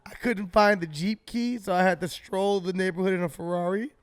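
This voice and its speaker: Male podcast co-host, high clear voice, animated storyteller, dry close mic. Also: brisk, no echo. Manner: animated, swearing, acts out his own shouts. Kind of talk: casual storytelling.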